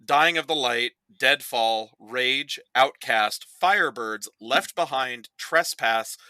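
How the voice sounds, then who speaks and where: A young man in casual podcast chat, telling animated stories and breaking into exaggerated impressions. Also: mid-range voice, slow pace, smooth, no room sound, poor audio. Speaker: podcast guest.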